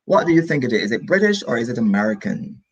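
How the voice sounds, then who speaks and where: A man from the Caribbean teaching an online English lesson, lively and encouraging, repeating key phrases for his student. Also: medium pitch, fast, breathy edge, dull audio.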